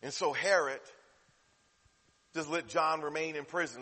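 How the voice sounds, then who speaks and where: A bright-voiced male preacher, swinging between quiet, intimate passages and loud, climbing peaks. His voice rings out with a long hall reverb, as if filling a large church sanctuary. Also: fairly high pitch, unhurried, husky. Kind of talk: sermon.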